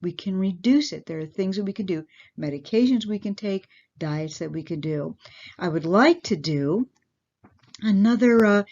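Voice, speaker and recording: A woman's voice: mid-range voice, darkish tone. A woman parish nurse giving a plain-spoken health lesson to her congregation, asking her listeners questions directly. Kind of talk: health education talk to a congregation. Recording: dull lo-fi recording.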